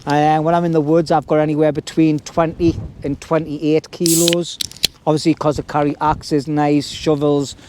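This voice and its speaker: A man's voice: a little high, warm tone, slight background noise. A middle-aged man, chatting casually to camera at his hilltop camp. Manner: chatty and colloquial. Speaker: vlogger. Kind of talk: casual outdoor vlog chat.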